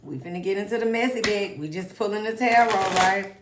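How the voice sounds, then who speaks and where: Chatty tarot reader, echoey room. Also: female voice, medium pitch, brisk, heavy background noise. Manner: chatty, dramatic, talks to spirit and viewers. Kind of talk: casual tarot reading.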